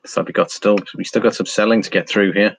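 A man's voice: lowish voice, steady tone, fast talker. Chatty man reading live chat. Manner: chatty, reads viewer comments aloud, laughs often, trails off. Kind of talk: casual live stream chart commentary.

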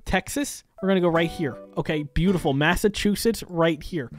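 A woman from New York giving excited gaming commentary, exclaiming often and talking straight to her viewers. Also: lowish voice, normal speed, faint music behind. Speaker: gaming creator.

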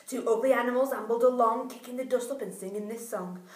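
A woman, a primary school teacher reading a rhyming picture book aloud to young children in an expressive, sing-song way. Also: on the high side, fast talker. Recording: echoey room, voice far from mic.

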